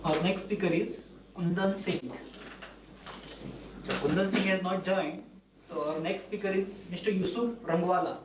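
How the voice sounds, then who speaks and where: A man's voice: high voice, unhurried. A man moderating a meeting, formally announcing the next speakers by name. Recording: distant echoey muffled audio with noise.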